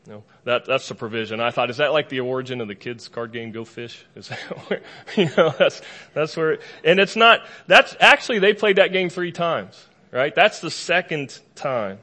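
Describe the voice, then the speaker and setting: A man preaching a sermon to a live congregation in a lively, conversational way, with casual asides and humor. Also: fairly high pitch, normal speed. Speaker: pastor.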